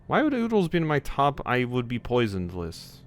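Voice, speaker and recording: A young man live-streams a game, chatting casually and jokily with viewers, rambling, swearing and reading the game text aloud. His mid-range voice swings hugely in pitch at a moderate pace, with a little hiss or hum in the recording.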